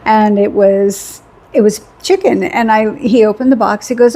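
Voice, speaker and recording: Woman, middle-aged, husky voice, chatty rambling vlog storyteller, laughs a lot. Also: a little high, fairly even intonation, fairly quick, warm tone. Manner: chatty and rambling, laughs often, repeats "I mean to tell you". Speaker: vlogger. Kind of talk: casual storytelling.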